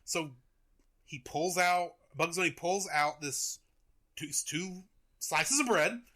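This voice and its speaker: A young man hosting a podcast, retelling a cartoon in a chatty, animated way. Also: on the high side, slow. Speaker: podcast host. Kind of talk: casual chat, retelling a cartoon.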